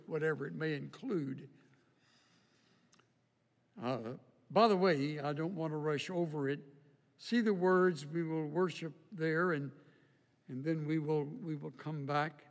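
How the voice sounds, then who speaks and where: High-voiced preacher in a reverberant hall. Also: male voice. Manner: emphatic, building to loud stressed peaks, then dropping low and slow. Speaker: pastor. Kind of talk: sermon.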